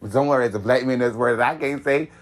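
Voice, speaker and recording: A young man from Florida telling a long story in casual chat, animated, laughing often, with sudden high-pitched outbursts and slang-heavy speech. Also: quick pace. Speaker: podcast guest telling a story.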